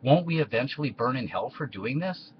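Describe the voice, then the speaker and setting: A man's voice: mid-range voice, expressive, fairly quick, muffled recording, slight background noise, voice pushed up, close to an everyday voice. A man voicing Titus as an eager young Roman son in a comedy skit.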